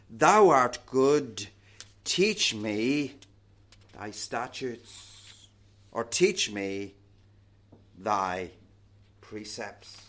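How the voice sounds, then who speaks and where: A man preaching a sermon, reading scripture and explaining it in slow, deliberate phrases that fall away at the ends. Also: a little high, a bit bright.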